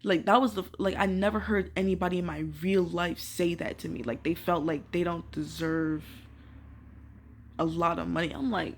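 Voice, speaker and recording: A young woman ranting casually to camera, filling her talk with "like" and swearing, swinging from quiet musing to loud disbelief. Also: lowish voice, steady tone, normal speed, a little hiss or hum. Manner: emphatic, swears, many filler "like"s. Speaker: vlogger.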